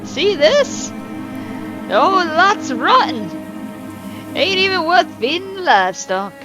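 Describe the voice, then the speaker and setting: A woman's voice: very high-pitched, sing-song, slow pace, over music, voice pushed up, exaggerated voice. A woman voicing a hot-tempered older male farmer with a blustering drawl in a game.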